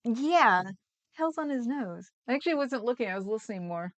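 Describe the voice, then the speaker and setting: A woman's voice: on the high side, expressive, moderate pace. A woman hosting a livestream, chatting casually and rambling with frequent laughs. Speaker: livestream host. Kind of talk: casual chat reading comments.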